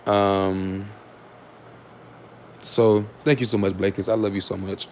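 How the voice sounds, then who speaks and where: Gravelly-voiced man rambling on a livestream. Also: fairly low pitch, flat delivery, slow, slight background noise. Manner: candid, rambling, sarcastic, with repeated fillers and restarts; switches to loud scolding of commenters. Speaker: livestream host. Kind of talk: casual livestream talk to chat.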